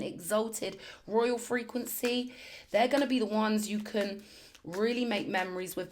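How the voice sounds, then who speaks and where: A woman doing a spiritual tarot reading, talking in emphatic, affirming bursts and repeating phrases for effect. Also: medium pitch. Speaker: tarot reader.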